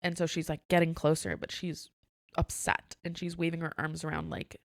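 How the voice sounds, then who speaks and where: A woman's voice: fairly low pitch, fairly quick, no room sound, studio quality. A woman co-hosting a podcast, telling a workplace story in casual chat and acting out the dialogue with frequent laughs. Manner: animated storyteller, acts out dialogue, laughs often. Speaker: podcast co-host.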